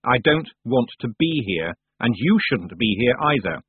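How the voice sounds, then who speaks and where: A man's voice: mid-range voice, big pitch swings, measured pace, slightly rough, no room sound, full character voice. A man voicing a stubborn young girl witch who answers sharply and indignantly. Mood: defiant. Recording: dry, tinny phone-like sound.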